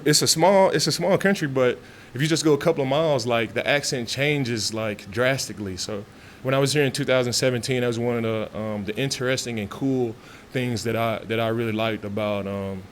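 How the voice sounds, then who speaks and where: Man, 30s, laid-back press conference talk, lots of "you know" and restarts, mid-range voice, faint background hum. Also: medium pitch. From Texas. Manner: relaxed, talkative, frequent fillers and restarts. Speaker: football player at press conference. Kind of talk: casual press interview. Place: media room after practice.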